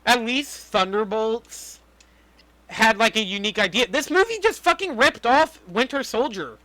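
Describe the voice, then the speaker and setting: With an extremely high, pushed and bright voice, a young podcast co-host rants about a movie at a moderate pace, animated and full of profanity. The casual chat has no echo.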